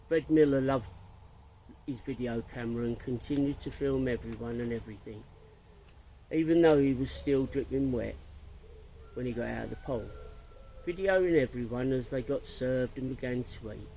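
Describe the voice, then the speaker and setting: Male storyteller, mellow dark tone, unhurried, faint hum behind. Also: medium pitch, low-quality recording. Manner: slow, even storytelling. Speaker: narrator. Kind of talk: reading a story aloud.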